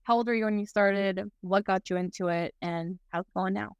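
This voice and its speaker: A woman's voice: mid-range voice, steady tone, brisk, clear, resonant tone, no room sound, muffled recording. Upbeat young woman hosting an interview. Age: young adult. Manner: upbeat, enthusiastic. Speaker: interviewer and host. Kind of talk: podcast interview.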